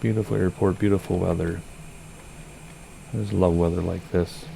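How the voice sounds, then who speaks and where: A man streaming a flight simulator, chatting casually and rambling, with a slightly hoarse voice. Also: deep voice, steady tone, normal speed, dark tone, slight background noise. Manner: chatty, rambling, self-correcting. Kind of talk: casual gameplay commentary.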